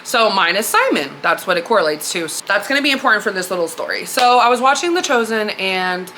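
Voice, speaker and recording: A woman's voice: medium pitch, animated, brisk, sharp tone, slight background noise. A woman hosting a podcast, retelling a story in a candid, slangy, conversational way. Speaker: podcast host. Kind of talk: casual spiritual storytelling.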